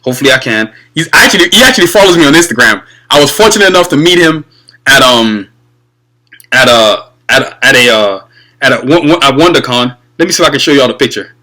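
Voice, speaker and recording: A young man hosting his own show, chatting casually and excitedly to his viewers about cartoons, rambling and calling them y'all. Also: mid-range voice, a little fast, poor audio. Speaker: video podcast host. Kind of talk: casual fan commentary.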